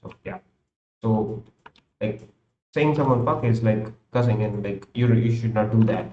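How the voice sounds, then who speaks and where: A man's voice: on the low side, a little slow, a little hiss or hum. A young man with an Indian English accent chatting loosely on a live stream, thinking aloud as he works, often repeating and restarting his sentences. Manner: rambling, repeats and restarts himself. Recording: roomy, slightly dull home recording.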